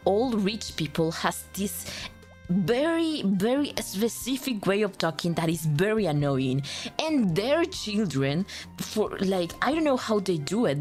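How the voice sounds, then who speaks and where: A woman's voice: medium pitch, darkish tone. A young woman, a native Spanish speaker with a Latin American Spanish accent, chatting casually on a stream, rambling with lots of fillers and restarts and joking about herself. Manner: rambling, with many fillers and self-corrections; joking and self-deprecating. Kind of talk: casual chat.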